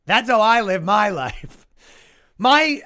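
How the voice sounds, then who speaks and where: A young Canadian man hosts his own comedy podcast with a sarcastic, swearing rant. His fairly high voice swings widely in pitch as he mocks opposing views. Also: slow. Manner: animated, sarcastic, swearing, mock-quoting opponents. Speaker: podcast host.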